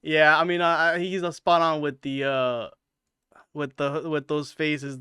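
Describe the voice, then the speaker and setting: A man's voice: a little high, fairly even intonation, measured pace, sharp tone, clear, resonant tone, no echo, studio quality. A man hosting a channel, talking over clips in a hesitant way with many fillers. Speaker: channel host.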